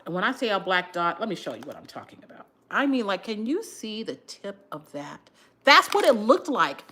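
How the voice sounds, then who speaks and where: A woman chatting casually on her livestream, telling a story while doing her hair, with an animated, lively delivery. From Texas area. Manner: animated storyteller, shifts to high voice when quoting shouts. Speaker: livestream host.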